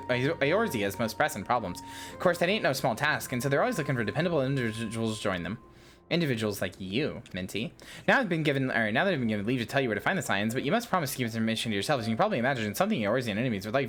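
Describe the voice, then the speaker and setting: A woman voicing a brusque, earthy female guild master in a put-on English accent, with blunt, slangy patter. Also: a bass voice.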